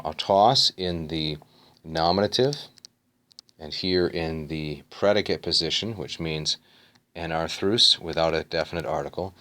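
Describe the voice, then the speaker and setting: Very deep-voiced man teaching Greek grammar. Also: fairly bright tone. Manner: methodical, parses each word slowly. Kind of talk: grammar lesson.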